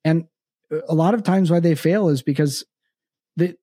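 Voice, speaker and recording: A middle-aged man hosting a podcast, talking earnestly with many halting restarts. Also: on the high side, dark tone, husky, no room sound. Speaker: podcast host. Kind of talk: casual podcast conversation.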